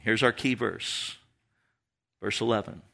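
A man's voice: lowish voice, steady tone, slow pace, gravelly, pushed and bright. A man preaching an expository sermon as a pastor, explaining scripture in a conversational way with asides to the congregation.

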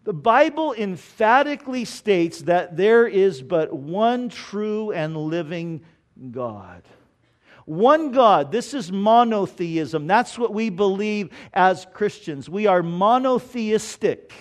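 A male pastor preaching a sermon. He often repeats words as he tells a story and slows down to read scripture with emphasis. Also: high-pitched, expressive. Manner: repeats words while telling stories, slow emphatic scripture reading.

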